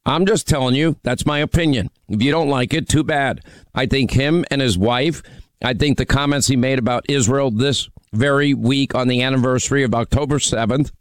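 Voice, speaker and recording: A man's voice: medium pitch, normal speed, no room sound. A man hosting a call-in radio show, needling and mocking a caller in a brash, combative way. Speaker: radio talk show host. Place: radio studio.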